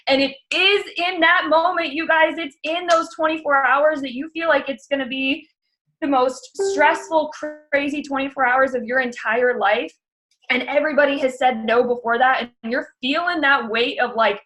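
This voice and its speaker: A woman's voice: sits high, moderate pace, pushed and bright, rough recording. A young woman giving an earnest motivational pep talk to her sales team, repeating her key lines for emphasis.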